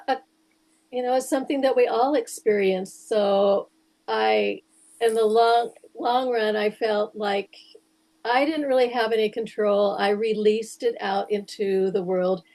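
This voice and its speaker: A woman's voice: fairly high pitch, a little mellow. A woman on a video call, speaking in an earnest, reflective way as a participant. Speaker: workshop participant. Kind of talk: casual video call chat.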